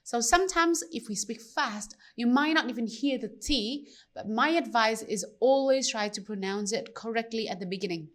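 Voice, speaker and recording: A woman teaching pronunciation, slowly demonstrating sounds and repeating them for learners. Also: a little high. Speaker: language teacher. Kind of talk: pronunciation lesson.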